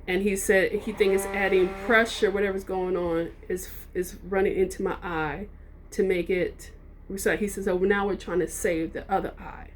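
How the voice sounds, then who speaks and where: A woman vlogger talks straight to her viewers in a loose, rambling way. She often stops, corrects herself and fills the gaps with ums. Her voice sits at an ordinary middle pitch, with a faint hum of background noise. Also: flat delivery, moderate pace. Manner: rambling, self-correcting, frequent ums and restarts. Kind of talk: casual storytelling to camera.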